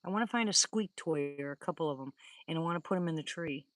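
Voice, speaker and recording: An older woman hosts a live stream, talking fast in a low voice on a dry recording. She rambles through stories while chatting casually with viewers and laughs often.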